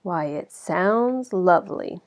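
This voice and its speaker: A woman reading a storybook aloud and voicing a wicked, hungry wolf in a low, silky, drawn-out way. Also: lively intonation. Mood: sly. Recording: slightly dull lo-fi recording.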